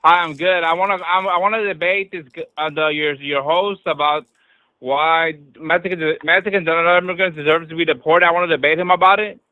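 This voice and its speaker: A man's voice: a little high, fairly even intonation, a little fast, no room sound. A man calling in to a live stream who rambles, stops short and repeats himself. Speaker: caller. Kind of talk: rambling phone call. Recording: dry tinny phone line.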